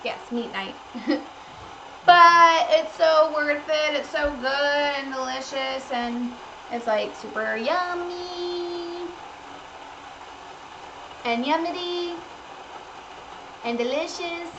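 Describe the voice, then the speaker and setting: A woman's voice: high voice, slow pace, pauses often, dull audio, background noise. A woman hosting a cooking livestream, chatting in a bubbly, gushing way to her viewers. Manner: bubbly, gushing, talks to chat. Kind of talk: casual livestream chat to viewers. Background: faint background music.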